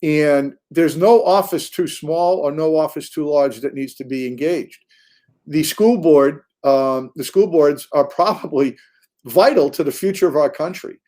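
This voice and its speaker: An American man appears as a guest on a political show and talks about local organizing. He speaks earnestly, with halting restarts. His voice is slightly higher than most men's. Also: mellow. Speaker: guest, local party official. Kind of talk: political talk.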